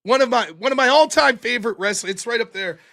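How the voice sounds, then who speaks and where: A man's voice: very high-pitched, fast, pushed and bright. A man hosting a casual live stream, rambling through stories, laughing often and swearing. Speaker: livestream host. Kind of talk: casual livestream chat reading chat.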